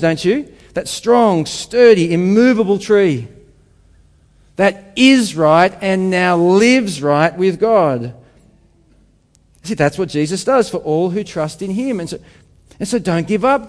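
A man preaching a sermon to a congregation, emphatic, with rhetorical questions and quieter reflective passages. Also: sits high, long reverb tail. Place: church hall with congregation.

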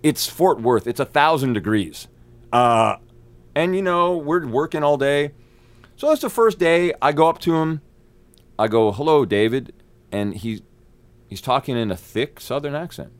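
Animated, profane male actor spinning stories. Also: measured pace, no room sound. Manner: energetic, profane, acts out quotes with big pitch jumps. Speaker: actor, interview guest. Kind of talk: animated storytelling.

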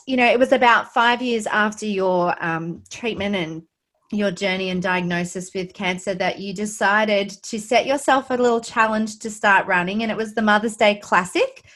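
A woman's voice: mid-range voice, fairly bright tone. Aussie lady hosting a podcast, gushy and chatty, lots of "like" and "you know". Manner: emotional, effusive, many fillers. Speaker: podcast host. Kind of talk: casual interview chat.

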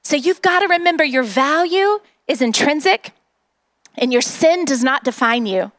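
Middle-aged woman pastor, very high voice, earnest rallying sermon delivery. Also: lively intonation, normal speed, a bit bright.

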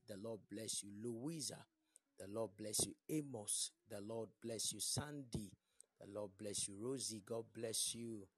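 A man's voice: on the low side, husky, no room sound. A man preaching a fervent prophetic sermon while losing his voice, blessing people one by one by name. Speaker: pastor.

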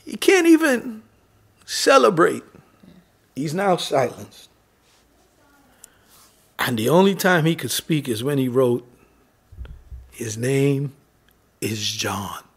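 A man preaching a fervent sermon as pastor, calling out for responses and dropping from loud calls to soft whispers. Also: a little high, sing-song, slow pace, gravelly, long pauses, husky.

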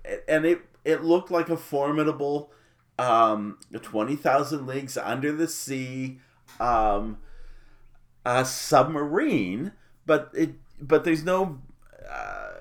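A man hosting a podcast, talking casually and enthusiastically, with many pauses, ums and restarts. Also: mid-range voice. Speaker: podcast host.

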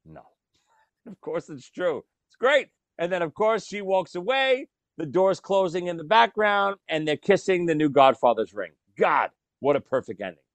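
Animated man, dry close mic. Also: sits high, moderate pace, dry recording. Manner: animated storytelling, swears. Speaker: podcast co-host. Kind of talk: casual movie chat.

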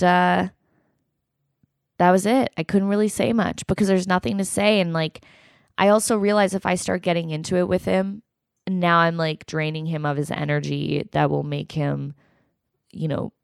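A woman's voice: deep voice, creaky, no echo, studio quality. A woman hosting her podcast, ranting in an emotional, exasperated way and swearing as she retells a fight. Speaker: podcast host. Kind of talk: solo podcast rant.

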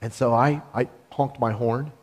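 A man preaching a sermon, talking in an animated, conversational storytelling way with laughs. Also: medium pitch, a little slow.

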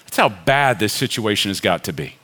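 Animated man preaching a sermon. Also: lowish voice, fairly quick. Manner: animated preaching, acts out grumbling crowds in a raised voice. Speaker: pastor.

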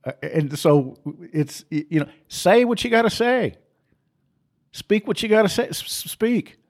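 A middle-aged man delivering an impassioned monologue, forceful and preachy, with laughing asides and mocking voices. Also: sits high, expressive, a little slow.

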